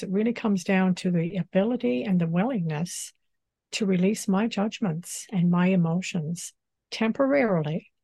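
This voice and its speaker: A woman speaking as a spiritual teacher in an interview, gentle and unhurried, often saying "you know". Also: fairly low pitch, no room sound. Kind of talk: calm spiritual interview talk.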